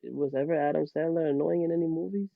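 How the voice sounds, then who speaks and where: Gravelly man on a dull, dry line. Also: fairly high pitch, steady tone, quick pace, dry recording. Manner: rambling, restarts often, laughs. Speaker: podcast guest. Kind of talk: casual podcast chat.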